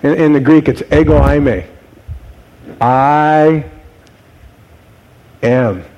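A man preaching a sermon, posing rhetorical questions to his congregation and dropping to low, quiet tones for emphasis. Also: takes it slowly, dull audio. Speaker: pastor.

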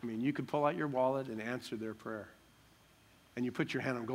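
A man preaching a sermon with passion, moving between loud pleading and quiet earnest talk, and acting out prayers and quoted voices. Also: mid-range voice, fairly even intonation, quick pace.

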